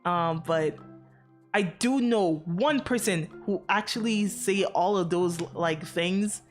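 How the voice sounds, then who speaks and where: A woman's voice: fairly low pitch, slow, soft background music. A woman streamer chatting casually to her viewers, rambling with many fillers and frequent swearing, from outside America. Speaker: VTuber streamer.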